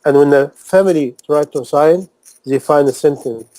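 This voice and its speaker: Impassioned preacher man, dark-toned. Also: fairly high pitch, moderate pace, no room sound, low-quality recording. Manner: emphatic, repeats phrases, fires rhetorical questions; non-native English grammar. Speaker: Islamic preacher. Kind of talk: impassioned sermon talk.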